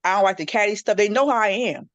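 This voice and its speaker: Fast-talking animated woman, dry sound. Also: no echo, highs cut off. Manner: animated storytelling, jumps into high-pitched quoted voices. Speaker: panel guest. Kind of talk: casual chat.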